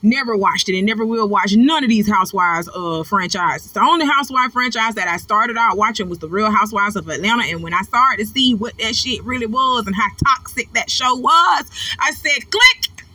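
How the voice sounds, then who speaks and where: A woman's voice: medium pitch, brisk, bright, forceful tone, slight background noise. A woman hosting her own commentary channel, ranting bluntly and profanely in a casual, preachy way.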